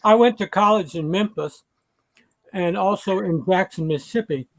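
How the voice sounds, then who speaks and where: Male livestream host, high and gravelly, chatty and rambling. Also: moderate pace. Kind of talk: casual chat, reading viewer comments aloud.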